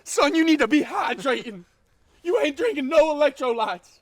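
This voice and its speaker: A man's voice: very high-pitched, animated, moderate pace, dry recording, pitched above the performer's own voice. A man voicing the ghost of a bellowing old male football coach who barks drill-sergeant orders. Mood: hectoring.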